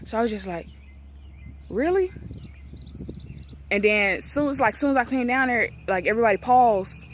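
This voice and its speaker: A woman's voice: on the high side, fast talker, slight background noise. A woman in her twenties tells a painful personal story in a casual vlog, recorded outdoors near a street. She acts out the things people said to her. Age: 20s. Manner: emotional, acts out quoted dialogue. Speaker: vlogger.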